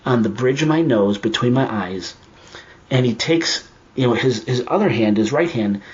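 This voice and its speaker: Man, mid-range pitch, casual and animated storyteller, slightly muffled lo-fi podcast audio. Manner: animated, acts out his own reactions in quotes. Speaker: podcast guest telling a personal story.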